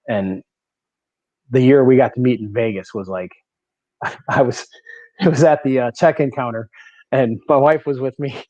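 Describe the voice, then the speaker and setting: A guest bowler with a fairly low, slightly mellow voice tells casual stories during a podcast interview. He's animated, laughs often, and repeats words as he goes, all on dry, slightly dull lo-fi audio.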